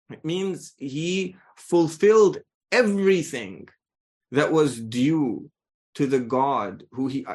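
A man teaching a lesson on Quranic language, earnest and emphatic, often restarting his sentences. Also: on the high side. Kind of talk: lecture on Quranic rhetoric.

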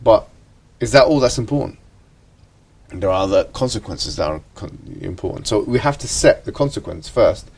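A man's voice: on the low side, expressive, moderate pace, creaky, a little mellow, breathy edge, distant mic. A man teaching an ethics class, asking the students questions and often checking with "right?".

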